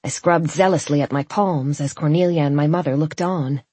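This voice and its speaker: Woman reading a first person novel, kinda husky, dry close sound, wry lively delivery. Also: low-pitched, normal speed, no room sound. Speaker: audiobook narrator. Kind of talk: scripted first-person narration.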